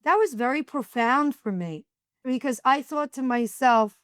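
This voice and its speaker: A woman's voice: high voice, a little slow, no echo, studio quality. A middle-aged woman, a podcast guest, telling stories in casual talk and acting out the dialogue. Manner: animated storyteller acting out dialogue. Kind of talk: casual storytelling.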